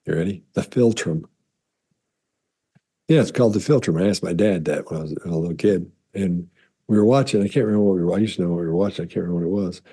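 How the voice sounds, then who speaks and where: A man, a body language analyst, talking casually to camera and rambling through stories with restarts and throat clearing. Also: deep voice, dark tone.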